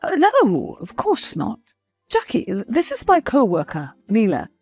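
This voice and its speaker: A flustered, evasive husband who stumbles over his words and turns defensive when questioned, as a woman narrator puts him on. His voice rises and falls widely in pitch, with soft music underneath. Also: huge pitch swings, unhurried, husky, exaggerated voice. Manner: stammering, defensive. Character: evasive nervous male husband, a teacher.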